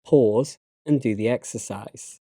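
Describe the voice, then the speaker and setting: A man with a British English accent, narrating a slide lesson and giving learners instructions in a measured, instructive way. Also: mid-range voice, mellow, breathy edge, dry recording, studio quality. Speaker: English teacher.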